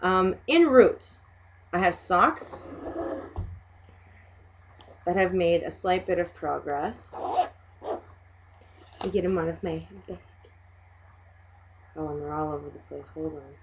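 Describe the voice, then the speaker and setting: A woman's voice: fairly low pitch, slow, pauses often, a little hiss or hum. A woman vlogger chatting casually, rambling and hesitant, often trailing off. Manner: rambling, hesitant with many fillers. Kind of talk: casual chat. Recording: dull lo-fi recording.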